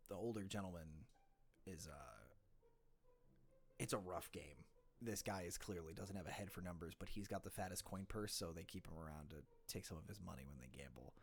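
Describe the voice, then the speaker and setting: A man narrating as game master of a tabletop game, in a loose, meandering way with self-corrections. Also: sits low.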